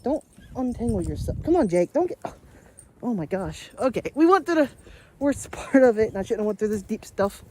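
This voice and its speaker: A daily vlogger walks outdoors in a snowstorm, chatting casually, laughing often, and talking to her pets. Her voice is on the high side and darkish, fairly quick, with big pitch swings.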